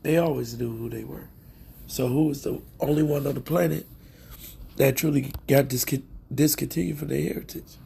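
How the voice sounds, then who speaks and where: Gravelly preachy man reading scripture. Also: mid-range voice, fairly even intonation, normal speed, mellow, slight background noise. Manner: preachy, keeps asking "all right?". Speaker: religious commentator.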